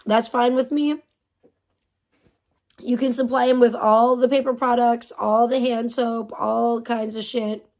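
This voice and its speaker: A woman's voice: on the high side, level tone, a little slow, darkish tone. A young adult woman hosting a livestream, ranting with heavy profanity and open scorn. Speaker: livestream host.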